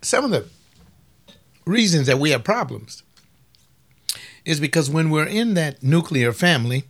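A man's voice: a little high, very animated, unhurried. A man giving a folksy, preaching-style talk on family life. He teases his listeners and fires off rhetorical questions.

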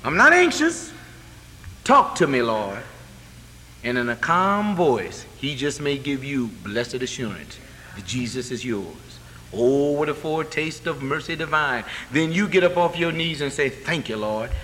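A man preaching a sermon, acting out voices, moving from hushed to loud. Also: mid-range voice, expressive, moderate pace, a little hiss or hum. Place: church sanctuary. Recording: echoey hall with faint ambience.

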